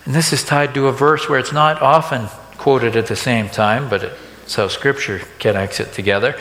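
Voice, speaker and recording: A male pastor preaches in a plain, conversational way. He keeps turning to the congregation with quick rhetorical questions. His voice sits at an ordinary middle pitch and rings through a large hall with a long reverb. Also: fairly bright tone, a little hiss or hum. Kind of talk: sermon.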